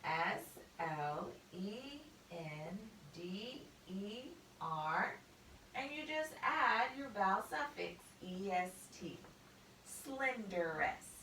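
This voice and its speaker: Slow, bright-voiced woman teaching spelling. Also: medium pitch, lively intonation, a little hiss or hum. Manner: slow, deliberate, spells out letters. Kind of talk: spelling lesson. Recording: echoey room, mic at a distance.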